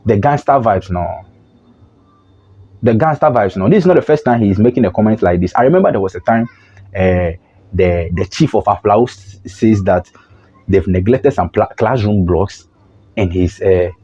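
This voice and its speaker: A man with a Ghanaian accent giving opinionated political commentary as a vlogger, talking in an animated, mocking way and often restarting his sentences. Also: on the low side, normal speed, breathy edge. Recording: dull lo-fi recording.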